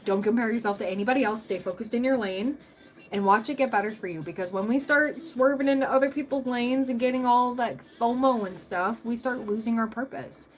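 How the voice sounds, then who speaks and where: A woman's voice: fairly high pitch, brisk, poor audio. A young adult woman hosting a tarot livestream, chatting casually with viewers, rambling through stories and laughing often.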